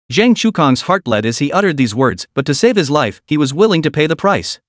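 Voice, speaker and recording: A man reading a story aloud as narrator in an even, steady storytelling manner. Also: a little high, brisk, hardly any pauses, dry recording, studio quality. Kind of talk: scripted audiobook narration.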